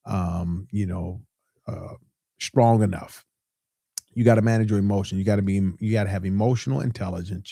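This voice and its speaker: A man's voice: on the low side, gravelly, mellow, no echo, clean studio sound. A middle-aged man, a pastor hosting a podcast, telling a story in a casual way and repeating points for emphasis. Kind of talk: casual preaching podcast talk.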